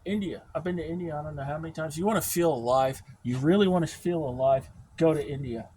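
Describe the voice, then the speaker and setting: An American man telling a work story in a casual, profane rant, animated and emphatic. His voice sits a little high for a man. A faint noise hums behind him. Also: fast talker. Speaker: field service technician.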